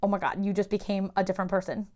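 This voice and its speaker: A woman's voice: medium pitch, little pitch movement, racing, a little mellow. A woman in her thirties hosting a casual podcast chat, bubbly and exclamatory, laughing often. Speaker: podcast host.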